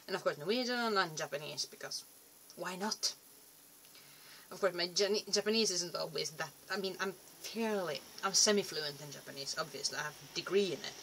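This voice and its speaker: A woman's voice: on the low side, brisk, creaky, fairly bright tone, slight background noise. A young woman rambling casually to camera in a vlog, chatty and self-deprecating, often trailing off and restarting. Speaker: vlogger.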